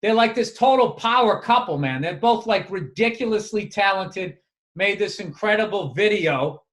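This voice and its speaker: A man's voice: sits high, expressive, normal speed, fairly bright tone. A man, a comedian and podcast co-host, rambling in casual, profane chat and restarting his sentences often.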